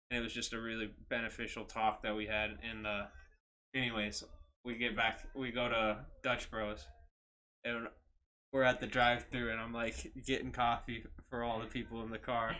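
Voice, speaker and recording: A man's voice: medium pitch, level tone, normal speed, bright, forceful tone. A young man co-hosting a podcast, telling stories in casual chat, swearing freely and laughing often. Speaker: podcast co-host.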